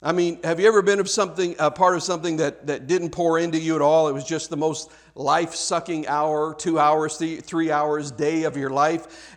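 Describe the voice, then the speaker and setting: A man's voice: fairly high pitch, fairly even intonation, normal speed. A man preaching a sermon to his congregation, conversational, with frequent restarts, asking the listeners questions directly. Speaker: pastor.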